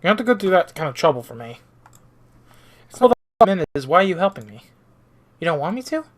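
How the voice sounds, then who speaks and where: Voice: medium pitch, very animated, fast talker. A streamer reading the part of an awkward, grateful young man down on his luck in a visual novel, dry and self-mocking. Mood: wry.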